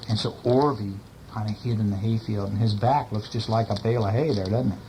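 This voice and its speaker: A man's voice: lowish voice, steady tone, fairly quick, noisy background. Man reading a bedtime story aloud. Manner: casual, chatty asides to the listener. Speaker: parent reading to a child.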